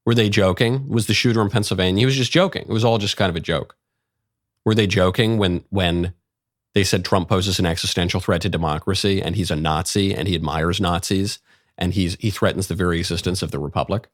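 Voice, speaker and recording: A man's voice: deep voice, steady tone, brisk, no room sound, studio quality. A man delivering sarcastic political commentary, firing off rhetorical questions. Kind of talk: opinion commentary.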